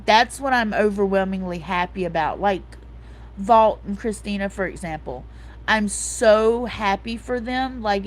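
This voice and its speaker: Slow-talking emotional woman livestream host. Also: mid-range voice. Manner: soft-hearted, emotional, reads out chat comments; repeats herself, fillers like "like" and "um". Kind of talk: casual live-chat talk.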